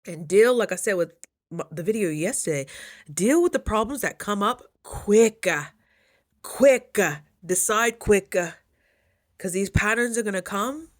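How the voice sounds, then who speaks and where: A young woman talking casually in a motivational vlog, chatty and animated, jumping high when she quotes people. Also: measured pace. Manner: chews while talking at times. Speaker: vlogger.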